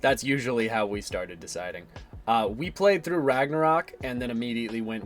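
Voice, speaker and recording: A man's voice: mid-range voice, brisk, faint music behind. A man in his twenties chatting casually on a stream, rambling, swearing freely and laughing often. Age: 20s.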